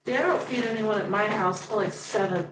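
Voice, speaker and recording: A woman's voice: medium pitch, a little fast, a little hiss or hum. A woman who is a guest on a casual live-stream chat, talking in an offhand, joking way. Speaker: guest, local cat advocate. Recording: echoey room.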